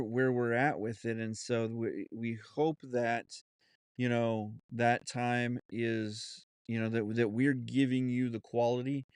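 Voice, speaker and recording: A man hosting his own podcast, talking off the cuff in an earnest, halting way with many restarts and fillers, and a Southern US accent. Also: medium pitch, a little mellow, smooth, dry recording, clean studio sound. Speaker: podcast host. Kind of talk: unscripted solo podcast talk.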